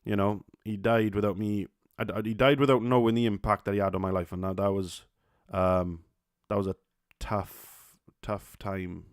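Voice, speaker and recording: A man's voice: lowish voice, little pitch movement, moderate pace, hardly any pauses, smooth, no echo, clean studio sound. A young man with a Welsh accent hosting a solo podcast, talking casually with many fillers, restarts and swear words. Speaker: podcast host.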